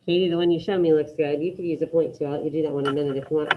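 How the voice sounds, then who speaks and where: A woman's voice: deep voice, fairly even intonation, racing, few pauses, dull audio, a little hiss or hum. A woman teaching an online Spanish class, encouraging her students and calling on them by name.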